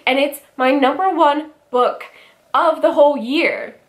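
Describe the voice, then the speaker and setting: Young woman book vlogger, tearful, gushing, slow-paced, higher voice. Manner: gushing, emotional, many fillers. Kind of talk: casual book review vlog.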